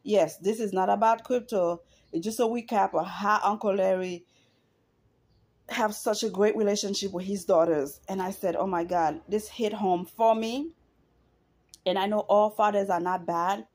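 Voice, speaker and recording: A woman's voice: mid-range voice, steady tone, moderate pace, a little mellow. A middle-aged woman talking straight to camera in an emotional, earnest personal monologue, repeating herself for emphasis. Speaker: vlogger.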